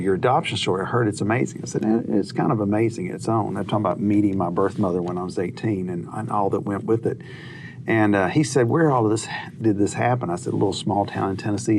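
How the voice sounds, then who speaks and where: A man who is a minister, telling a lively story on a TV talk show and acting out the dialogue. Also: fairly low pitch, noisy background. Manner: animated anecdote-teller who acts out dialogue. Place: TV studio.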